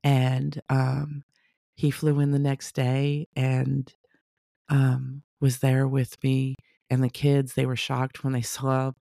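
A woman telling a personal story casually, animated, acting out the people she quotes. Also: rumbling low, slow, vocal fry, no echo, clean studio sound. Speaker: storyteller sharing a personal testimony.

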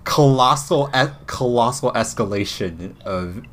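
A man co-hosting a podcast in casual chat. He talks excitably and rambles, with frequent restarts. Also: mid-range voice, a little slow. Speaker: podcast co-host.

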